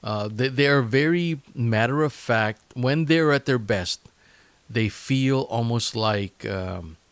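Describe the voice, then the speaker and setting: A man hosting a casual solo podcast, talking in a chatty, halting way with many fillers and restarts. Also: medium pitch, clean tone, no room sound. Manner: chatty and enthusiastic. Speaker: podcast host.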